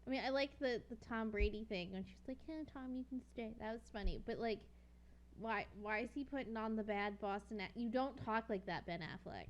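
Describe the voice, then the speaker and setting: A woman's voice: mid-range voice, fairly quick, lo-fi sound. A woman co-hosting a podcast, chatting casually and giving blunt opinions. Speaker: podcast co-host. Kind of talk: casual chat.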